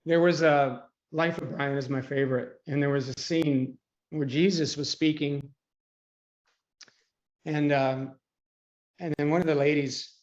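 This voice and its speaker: Higher-voiced male trading coach on a lo-fi call. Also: fairly even intonation, a little slow, long pauses. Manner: chatty, clears throat often. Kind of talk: live online coaching call. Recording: dull lo-fi call audio.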